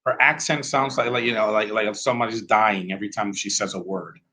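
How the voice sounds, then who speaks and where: A man's voice: on the low side, fairly even intonation, fairly quick, sharp tone, poor audio. A man giving a rambling, blunt, opinionated live commentary while watching a movie at home.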